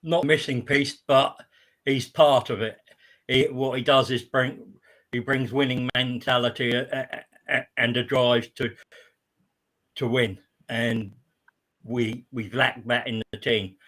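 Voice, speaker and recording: A man in a casual chat, giving firm opinions in measured tones. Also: medium pitch, flat delivery, fairly bright tone. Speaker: podcast guest.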